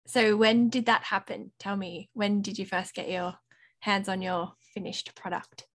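A woman's voice: medium pitch, fairly even intonation, a little slow. A woman hosting a casual interview, encouraging her guest and laughing along. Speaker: interview host.

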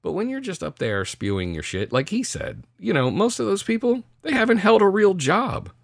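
A middle-aged man co-hosting a podcast, telling stories in a casual, profane, animated way. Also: high-pitched, moderate pace, gravelly, no room sound, clean studio sound. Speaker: podcast co-host. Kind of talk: casual chat.

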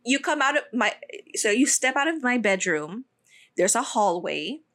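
Young woman telling a story on a podcast, high voice that swings all over, swears a lot, mixes in tagalog words. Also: moderate pace. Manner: animated, swears freely, mixes in Tagalog phrases. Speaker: podcast co-host. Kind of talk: casual storytelling chat.

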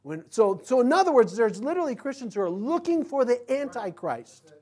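Man, middle-aged, pastor, sermon, animated, playful asides. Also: very high voice, a little fast. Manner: animated, acts out quotes, chuckles.

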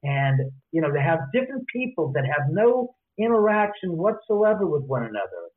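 A man telling stories as an interview guest, lively, acting out the voices of people he quotes. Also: fairly high pitch, moderate pace. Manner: animated, acts out quoted voices. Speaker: author and guest. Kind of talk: casual storytelling interview. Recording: tinny phone-line audio.

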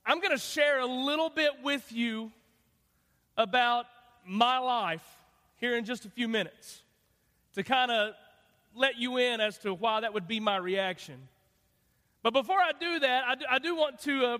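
A man's voice: extremely high pitch, sharp tone, big-room sound. A man preaching a sermon as a guest pastor, chatty and joking, with many fillers and restarts. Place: church sanctuary.

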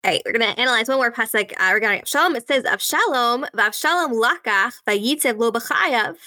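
A woman's voice: fairly high pitch, animated, fairly quick, sharp tone, no echo. A woman teaching a religious study lesson, walking through verses step by step, translating them and checking in with "right?". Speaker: Talmud teacher. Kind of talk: text-based study lesson.

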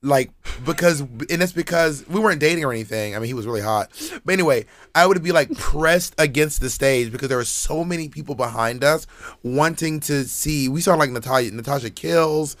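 A man chatting casually as a podcast co-host, talking fast with many restarts. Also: fairly high pitch, a bit bright, dry recording. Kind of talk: casual chat.

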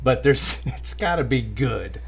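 A man's voice: medium pitch, very animated, a little slow, gravelly, breathy edge, soft background music. Easygoing man in casual chat.

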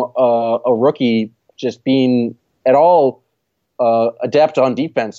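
A man co-hosting a casual sports podcast, talking in a relaxed, easygoing way with frequent pauses to think. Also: medium pitch, no room sound, muffled recording. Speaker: podcast co-host.

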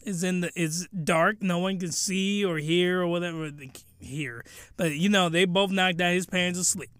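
A man giving a crude, rambling comedic recap of a show in an animated way. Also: high voice, no echo, studio quality.

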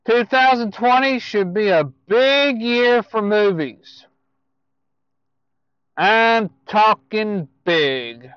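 A man giving casual movie news to viewers, speaking in a halting way with self-corrections and asides. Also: high-pitched, lively intonation, clear, resonant tone, no echo, lo-fi sound.

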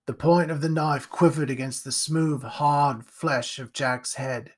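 A male storyteller reading a dark tale slowly and deliberately. His voice sits a little high for a man, and he lingers over each phrase. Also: fairly even intonation, slightly rough. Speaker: narrator. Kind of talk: scripted horror narration.

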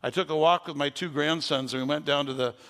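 An older man, a pastor with a gravelly voice, preaching a sermon with folksy stories that rise into fervent preaching. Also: fairly high pitch, steady tone, quick pace, fairly bright tone, in a large hall.

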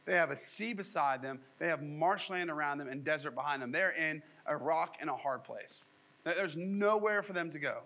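In a low-quality recording, a pastor with a fairly high-pitched voice delivers a sermon at a moderate pace. He reads from scripture, then retells it animatedly, sprinkling in offhand remarks and humor.

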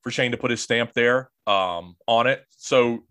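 A man's voice: mid-range voice, a little slow, a bit bright. A man hosting a podcast, talking casually with many restarts and a deferential tone. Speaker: podcast host.

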